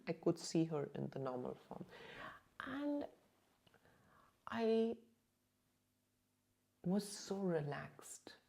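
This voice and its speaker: Woman, low voice with gravelly fry, hesitant storyteller full of fillers, slips into near-whispers. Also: warm tone. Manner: hesitant, many "you know" fillers, drops to near-whisper at intense moments. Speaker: channel host recounting a personal experience. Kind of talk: emotional first-person storytelling.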